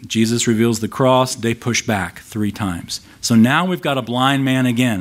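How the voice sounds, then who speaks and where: A man pastor preaching an expository sermon, emphatic and asking rhetorical questions of his listeners. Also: mid-range voice. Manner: emphatic, shifts volume for stress.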